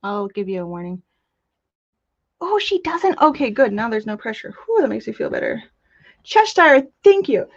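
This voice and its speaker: A woman's voice: fairly high pitch, big pitch swings, no room sound, muffled recording. Bubbly woman hosting a crafting livestream. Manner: bubbly, chatty, quick gushing asides. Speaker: crafting channel host. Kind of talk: casual live-stream chat with demos.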